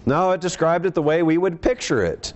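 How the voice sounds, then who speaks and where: A man preaching a sermon, reading scripture aloud and explaining it with lively rises and drops in his voice. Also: fairly high pitch, brisk.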